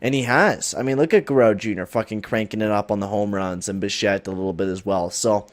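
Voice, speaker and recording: A young gaming host with a slightly low voice, chatting his way through a sports video game. His talk wanders, is full of swearing, and keeps jumping into hyped bursts. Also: fast. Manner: rambling, swears often, hype bursts. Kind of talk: casual gameplay commentary.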